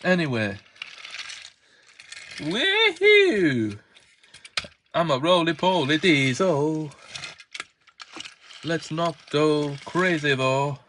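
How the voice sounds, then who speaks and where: Roly-poly diesel engine, played by a man: cheerful, jokey, unhurried, in a higher register. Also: fairly bright tone, a little hiss or hum. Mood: chatty. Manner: chatty, joking about himself.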